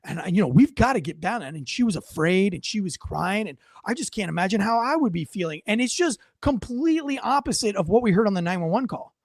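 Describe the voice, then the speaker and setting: A man with a high voice talks through a heated podcast rant. He pushes each point hard and often restarts and repeats his phrases. The sound is close and dry. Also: animated, a little fast, few pauses, dry recording. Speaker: podcast host. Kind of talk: heated commentary.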